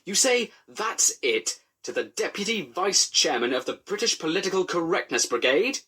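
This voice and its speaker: A man doing a pompous, fussy railway inspector who splutters and lectures in a high, prim voice. His tone swings widely and carries a husky grain. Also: very animated, normal speed, bright, forceful tone, exaggerated voice.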